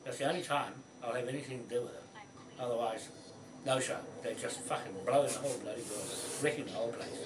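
A man's voice: medium pitch, fast, noisy background. An older man, delivering an angry, rambling, swearing rant about land and courts. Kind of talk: angry monologue. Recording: roomy, distant mic.

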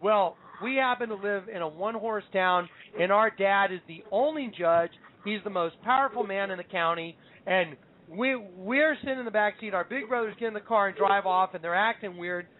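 A man's voice: high voice, moderate pace, few pauses. A man hosting a show, teaching scripture as an emphatic storyteller who acts out the quotes. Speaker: show host. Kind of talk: Bible teaching on a call-in show. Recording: phone-line audio.

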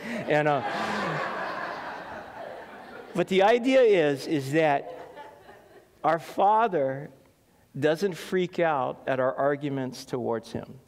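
Long reverb from a hall trails after a middle-aged man's medium-pitched voice as he preaches, speaking a little slowly with long pauses. Serving as pastor, he tells lively stories, laughs along, and performs the lines he quotes.

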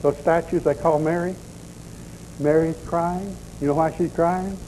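A man's voice: on the high side, steady tone, a little slow, warm tone, poor audio. A man preaching a deliverance sermon in a folksy, blunt storytelling manner, with faint noise in the background.

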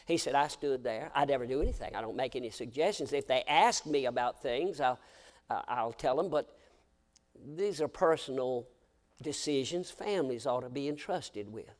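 A male American pastor preaching a sermon, telling stories and swinging from hushed to shouting. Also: medium pitch, expressive, normal speed. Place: church sanctuary.

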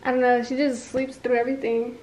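A high-voiced young mother speaks gently and coaxingly, breaking into laughs. Voices of other people are clearly heard behind her in a busy room. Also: little pitch movement, a little fast, roomy sound, crowd noise, low-quality recording. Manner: soft-spoken, coaxing, laughs often. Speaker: new mother. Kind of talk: casual family chat.

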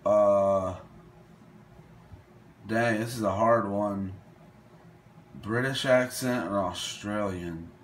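A man's voice: on the low side, extremely slow, pauses often, slight background noise. A young man talks unhurriedly through a would-you-rather game, thinking aloud as he goes. He hesitates, trails off and restarts when a choice is hard, keeping a casual, unscripted tone. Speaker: gaming video host. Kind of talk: casual commentary while playing a quiz game.

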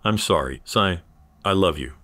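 A soft, apologetic young woman pleading through tears with the man she wronged, her voice sitting low and dark for a woman, as a male narrator puts her on. She speaks gently and contritely, begging to be forgiven. It comes across as part of a read-aloud story. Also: animated, moderate pace, no echo.

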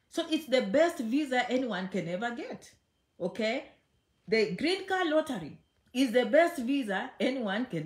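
Woman vlogger, emphatic and teasing, slightly high voice, roomy echo. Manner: chatty and emphatic, repeats phrases, teasing. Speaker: immigration vlogger. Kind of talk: casual direct-to-camera talk. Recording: echoey room.

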